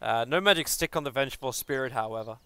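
Bright, clear-voiced excitable male caster. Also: mid-range voice, no room sound. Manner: energetic, quick, excitable play-by-play. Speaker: esports caster. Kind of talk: live game commentary.

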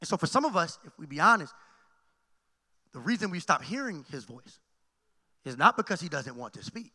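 A man's voice: on the high side, sing-song, normal speed, sharp tone. A man preaching a sermon as pastor in a church sanctuary, calling out to the congregation. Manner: preaching with call-and-response asides. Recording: long hall reverb.

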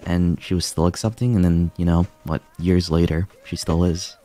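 A man talking casually on a stream, halting, with many fillers and restarts. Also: deep voice, flat delivery, mellow, soft background music.

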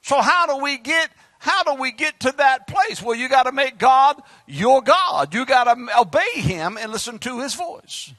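A male Southern US preacher with a high, bright, strongly swinging voice. He shouts some lines and drops into quiet asides, and the sound is dry and close. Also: very animated, moderate pace, few pauses, dry recording. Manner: preaching with loud outbursts and sudden quiet asides. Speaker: pastor. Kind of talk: fiery sermon. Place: church sanctuary.

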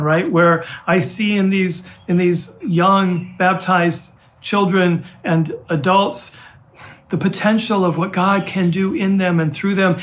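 Older guy pastor giving a sermon, heartfelt, kinda higher voice, some faint birds chirping behind. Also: fairly bright tone, a little hiss or hum. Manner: earnest, heartfelt, halting restarts.

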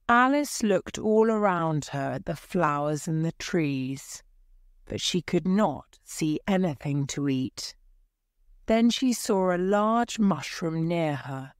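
Slow, careful woman storyteller. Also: sits low, animated, dry recording, clean studio sound. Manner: slow, clear, careful reading. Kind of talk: scripted story narration for English learners.

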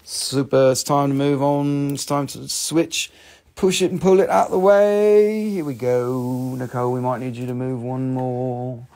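A man's voice: medium pitch, steady tone, unhurried, darkish tone. A man hosting a live stream, selling crystals in casual, joking sales patter full of swearing. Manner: chatty, profane and joking.

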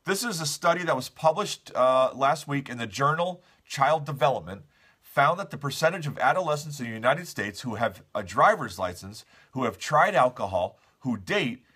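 A man's voice: mid-range voice, slightly rough. A man hosting a casual morning show, reading out news stories and chatting about them with the viewers. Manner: animated, talks straight to viewers, reads headlines aloud.

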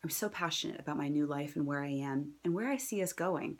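Earnest low-voiced mother sharing a testimonial. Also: a little fast. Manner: earnest, enthusiastic, with frequent fillers and restarts; drops into a whisper at times. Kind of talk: casual personal testimonial.

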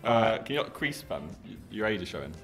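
A man's voice: on the low side, very animated, brisk. A young man mocking and teasing his friends in banter. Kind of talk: casual banter. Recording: clip with loud background music. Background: music.

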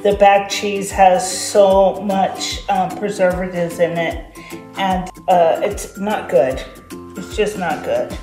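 A woman's voice: fairly low pitch, steady tone, takes it slowly, reverberant, over music. A woman hosting a casual cooking demonstration, playful and chatty, with silly asides to her viewers. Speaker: cooking vlogger. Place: cabin kitchen.

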